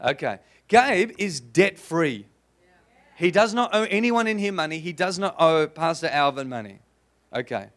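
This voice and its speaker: Animated Australian pastor, high voice. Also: male voice, normal speed. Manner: animated, playful preaching with audience questions. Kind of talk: sermon. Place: church before a congregation.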